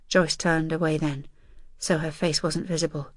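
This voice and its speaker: A woman calmly narrating an audiobook in the third person. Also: deep voice, normal speed, no room sound, clean studio sound.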